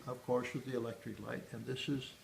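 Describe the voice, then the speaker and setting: A man leads a museum tour, rambling through the exhibits with frequent pauses and restarts. His voice has a gravelly edge at a middling pitch. The echoey room carries a faint hum of background noise. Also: flat delivery. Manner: rambling, with many hesitations and restarts. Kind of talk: guided tour explanation.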